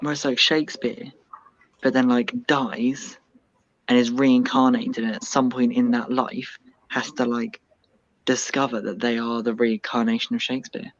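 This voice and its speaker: A man's voice: medium pitch, flat delivery, moderate pace, highs cut off. A young man, a university student guest, chatting casually on a livestream and hedging his points. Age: young adult. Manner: hesitant, hedging with "I think".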